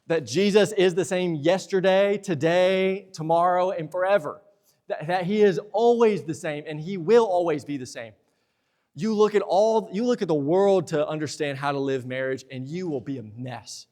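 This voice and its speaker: A young man preaching a sermon in a church, lively and talkative, slipping into playful asides. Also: high voice, normal speed. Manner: lively preaching, acts out husband and wife exchanges in asides. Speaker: pastor. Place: church sanctuary.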